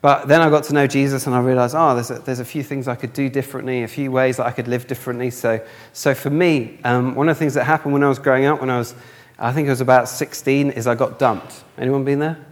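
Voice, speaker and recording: A man preaching a sermon, telling stories and acting out the people in them with animated delivery. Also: mid-range voice, fast. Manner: animated, acts out characters in his stories. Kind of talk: sermon with storytelling. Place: church hall with live audience. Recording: long hall reverb.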